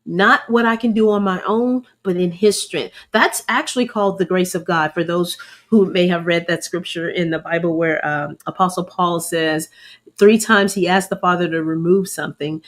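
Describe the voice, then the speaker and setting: A woman's voice: on the low side, steady tone, moderate pace. A middle-aged woman, sharing a faith-based personal testimony in an earnest, preacherly way and calling her listeners y'all. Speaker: host.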